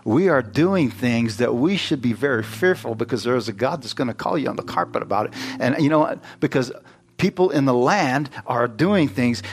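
A man's voice: medium pitch, animated, normal speed, breathy edge. A man preaching a sermon, emphatic and questioning his congregation, rising into exclamations. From United States.

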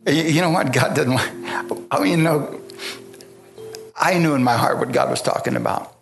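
A man's voice: mid-range voice, moderate pace, creaky. A man preaching a sermon, telling a personal story in a folksy way and asking the congregation for agreement. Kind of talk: sermon testimony. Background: guitar music.

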